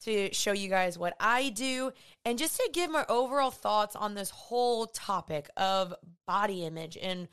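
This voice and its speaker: A woman's voice: medium pitch, lively intonation, unhurried, fairly bright tone, clear, resonant tone. A woman, hosting a podcast in a chatty, earnest way. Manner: chatty, earnest, uses y'all and like. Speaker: podcast host. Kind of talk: casual podcast talk.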